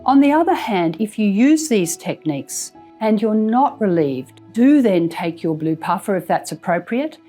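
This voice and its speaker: A woman health professional giving slow, measured advice on managing breathlessness. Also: mid-range voice, sing-song, mellow, faint music behind. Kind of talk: instructional health narration.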